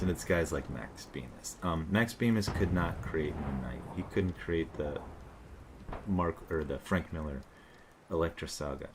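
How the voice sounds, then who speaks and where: A man with a very deep, low-pitched voice talks through a loose commentary monologue. His tone is sarcastic and mocking, and he rambles with plenty of fillers and restarts, over faint background noise. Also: a little slow. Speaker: commentator reacting to online posts.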